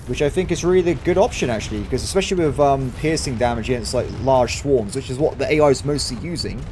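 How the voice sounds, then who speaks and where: A man giving excitable game commentary, talking to himself and his viewers as he plays. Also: medium pitch, fast, a little hiss or hum. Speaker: gaming channel host.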